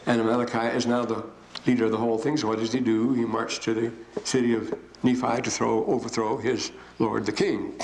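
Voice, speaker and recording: An older man giving a rambling, digressive classroom lecture with frequent pauses. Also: mid-range voice, flat delivery, a little mellow. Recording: echoey room, faint hiss.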